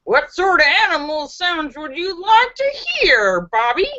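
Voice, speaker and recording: A jolly old grandfather with a big, showy voice, voiced by a woman telling a joke on a livestream. He sits high and bright and swoops through his lines. The sound is a little dull and lo-fi. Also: very animated, a little slow, exaggerated voice. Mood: hearty. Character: cheery old grandpa doing animal calls.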